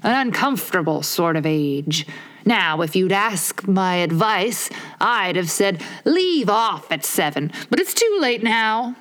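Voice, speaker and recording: A pompous, touchy egg-man holds forth from his wall, drawing out his words in a slow, haughty, raised voice, as a woman reader puts him on. He lectures rather than talks, leaning hard on each grand phrase. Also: mid-range voice, expressive, fairly bright tone. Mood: lofty.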